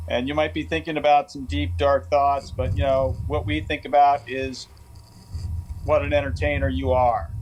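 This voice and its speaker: A man's voice: mid-range voice, slight background noise, poor audio. A man, the show's producer, gushing with earnest-sounding praise in comic banter. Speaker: show producer.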